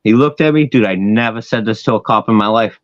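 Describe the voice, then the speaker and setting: A man's voice: lowish voice, fast talker, dry recording, highs cut off. A man telling a long personal story in casual, profane chat, acting out the voices of others, with an occasional stutter. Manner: profane, animated, acts out dialogue, occasional stutter. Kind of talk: casual storytelling on a live stream.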